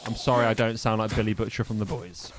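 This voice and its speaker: A man's voice: on the low side, fairly even intonation, fast, noisy background. A young man from the English Midlands with a neutral English accent, chatting casually and swearing while streaming a game. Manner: sweary, joking banter with chat. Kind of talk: casual live-stream chat while gaming.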